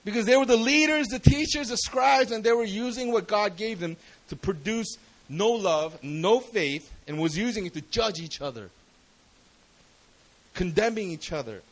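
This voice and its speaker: A man's voice: high voice, lively intonation, moderate pace, rough recording. A man preaching a sermon in a casual, slangy way, often asking the congregation questions.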